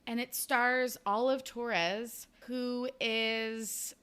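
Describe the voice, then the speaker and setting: A woman's voice: fairly high pitch, steady tone, drawn-out words, fairly bright tone, clear, resonant tone. A woman hosting a book podcast, chatty and casual, recapping a novel with a laugh and the odd swear. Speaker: podcast host.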